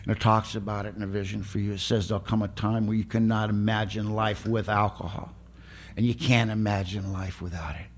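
A man's voice: lowish voice, little pitch movement, fairly quick. A middle-aged man, telling his own story at a recovery meeting in a raw, plain-spoken way. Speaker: recovery speaker.

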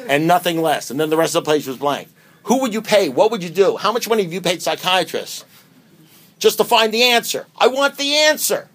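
A man giving a speaker talk at a recovery meeting, emphatic and preacher-like, with many rhetorical questions and swings between loud and hushed delivery. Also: high voice, lively intonation, brisk.

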